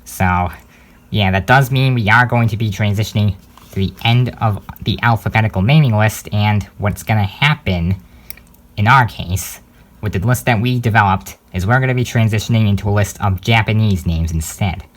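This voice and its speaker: A young man hosting a home-made channel news update, talking casually with many fillers and hesitant pauses. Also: on the low side.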